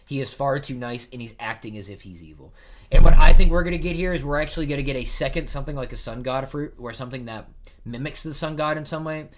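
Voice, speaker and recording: A man's voice: mid-range voice, fairly bright tone. Chatty man reacting to a comic. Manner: chatty, many fillers and restarts. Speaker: manga reaction host. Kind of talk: casual live manga reading and reaction.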